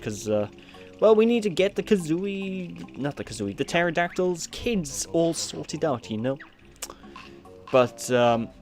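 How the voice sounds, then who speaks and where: A man with a Welsh accent casually commenting on a video game he plays, rambling and chatty with plenty of fillers. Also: mid-range voice. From Wales. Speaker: let's play host. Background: faint game music.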